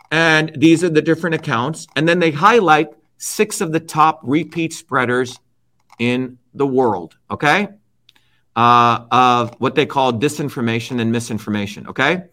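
Interview guest, man, slightly high voice, forceful and blunt, keeps asking "okay?". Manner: forceful, checks in with repeated "okay?"; blunt, swears freely. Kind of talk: emphatic conversational storytelling.

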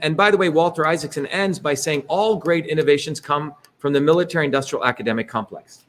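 A man presenting to an audience in a rambling, emphatic way, full of digressions and tag questions. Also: a little high. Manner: emphatic, digressive, keeps asking "right?" and inserting "by the way". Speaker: presenter leading an online talk.

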